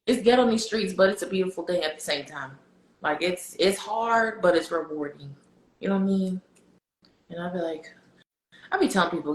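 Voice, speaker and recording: A woman's voice: fairly low pitch, echoey room, low-quality recording. A woman guest on a podcast, talking casually and emphatically about her faith, telling stories with lots of slang. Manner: animated, emphatic storytelling with slang.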